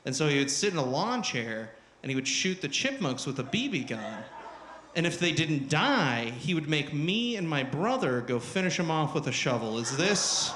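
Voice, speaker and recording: A young man performing a crude, self-mocking stand-up comedy set on a club stage, shouting at the crowd and slipping into loud mocking voices, with the audience laughing in the background. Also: a little high, sing-song, normal speed. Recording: roomy live club sound.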